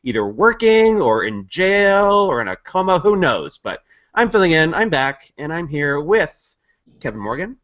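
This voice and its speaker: A man's voice: fairly high pitch, sing-song, normal speed, fairly bright tone, highs cut off. A man guest-hosting a comedy podcast, chatting in a playful, jokey way. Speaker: guest host. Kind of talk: casual comedy podcast chat.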